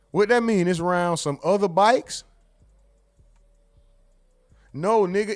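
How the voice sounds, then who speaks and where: Animated high-voiced man joking on a livestream. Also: unhurried, long pauses. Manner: animated joking storyteller, acts out exchanges with loud outbursts. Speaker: livestream host. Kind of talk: casual livestream commentary.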